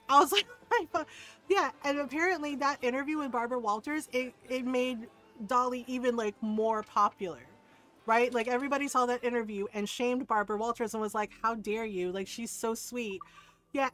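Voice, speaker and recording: A woman's voice: fairly high pitch, rough recording. A woman game streamer chatting casually, telling stories with lots of laughter, swearing and mimicked voices. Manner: animated storyteller, swears freely, laughs often, mimics relatives. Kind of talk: casual chat while gaming.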